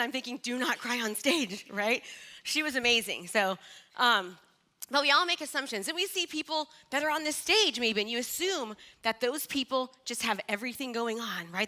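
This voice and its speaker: A middle-aged woman giving a live motivational speech on stage, energetic and chatty, asking the audience questions. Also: high-pitched. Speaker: motivational speaker.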